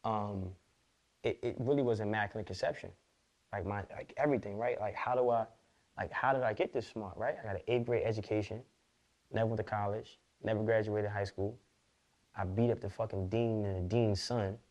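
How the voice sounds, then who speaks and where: A man, a podcast guest, telling his life story in fast, slangy, profane street talk. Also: on the low side, fairly even intonation, a little mellow, lo-fi sound. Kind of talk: candid interview storytelling.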